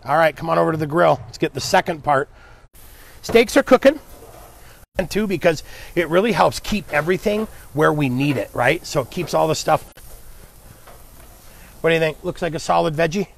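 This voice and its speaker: Upbeat male chef host, slightly high, gravelly voice, casual live-stream chatter, faint noise behind. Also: expressive, normal speed, pauses often. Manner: upbeat, chatty, talks to viewers and helper. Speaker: chef hosting a live cooking demo.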